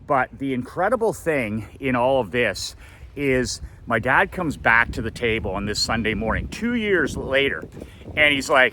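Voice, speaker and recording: A man, a coach and motivational speaker, telling a personal story in an animated way and acting out quotes with big jumps in pitch. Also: normal speed, slight background noise. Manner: preachy repetition of a motto. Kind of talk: storytelling monologue.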